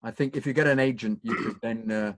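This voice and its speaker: A middle-aged man, a voice actor, chatting in a relaxed Q&A over a video call, talking haltingly with many fillers and restarts. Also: mid-range voice, no room sound. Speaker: guest voice actor. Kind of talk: casual Q&A chat.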